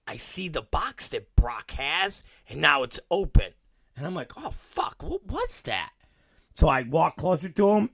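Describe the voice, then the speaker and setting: A man's voice: on the high side, creaky, a bit bright, no echo. A middle-aged man hosting a podcast, telling a long profane family story and acting out every quote. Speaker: podcast host. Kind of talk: storytelling monologue.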